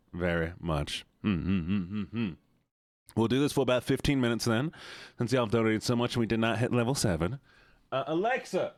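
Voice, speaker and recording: A man's voice: on the low side, no echo. A man streaming to his viewers in casual chat, playful and laughing often as he thanks them.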